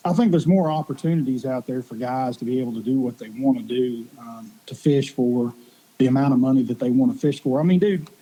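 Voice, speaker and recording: A man's voice: mid-range voice, a little fast, mellow, rough recording. A middle-aged man with a Tennessee Southern accent, a podcast guest telling stories in an easygoing, rambling way. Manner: easygoing, rambling storyteller with fillers. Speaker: professional angler, guest. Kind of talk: casual podcast chat.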